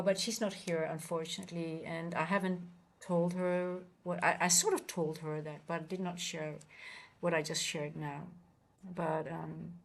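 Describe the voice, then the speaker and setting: A woman coaching traders on a casual livestream, talking earnestly and rambling with many restarts. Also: on the low side. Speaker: trading coach and livestream host.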